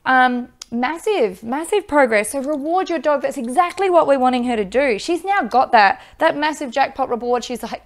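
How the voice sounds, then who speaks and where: An upbeat woman, teaching dog training and giving loud bursts of praise into a microphone. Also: sits high, animated, moderate pace, hardly any pauses. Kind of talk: instructional video with live dog training.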